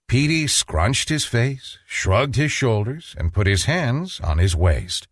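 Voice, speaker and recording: A man reading a children's storybook aloud in an expressive, playful manner. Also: medium pitch, takes it slowly, few pauses, dry recording, studio quality. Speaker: narrator.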